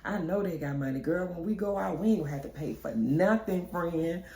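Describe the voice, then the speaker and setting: A woman voicing her gossipy young woman friend in a high, animated, drawling voice. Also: brisk, close to an everyday voice. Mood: gossiping. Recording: echoey room.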